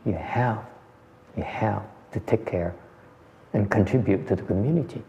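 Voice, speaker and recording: A man's voice: on the low side, normal speed, warm tone, slight background noise. A man giving a conversational dharma lecture, repeating phrases and answering questions. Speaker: meditation teacher. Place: meditation hall. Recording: muffled hall recording.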